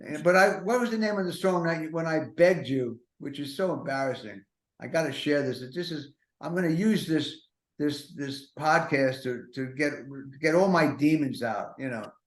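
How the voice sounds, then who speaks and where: In an expressive, slightly high voice, an older man hosting a podcast rambles through self-deprecating funny stories and keeps doubling back with rapid-fire, neurotic, anxious asides. The space echoes noticeably, like a bare room.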